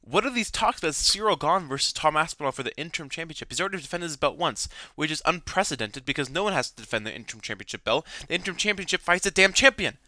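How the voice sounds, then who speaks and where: A young MMA commentator rants angrily about fights in fan commentary, swearing and repeating himself. His fairly high, sharp-toned voice is expressive and racing, with hardly any pauses and no room sound.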